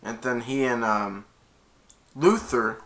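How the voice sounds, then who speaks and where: A man retells a movie scene by scene in a loose, excited ramble, stumbling over restarts and chuckling along the way. His voice has a bright, forward edge. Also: medium pitch, slow pace. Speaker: movie reviewer. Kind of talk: casual movie recap.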